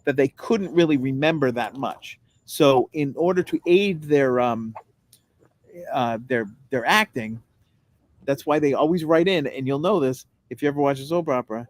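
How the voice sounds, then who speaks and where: A man co-hosting a casual comedy podcast, teasing dryly and pausing on ums. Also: medium pitch, no room sound. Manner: dry teasing, hesitant with ums. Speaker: podcast co-host.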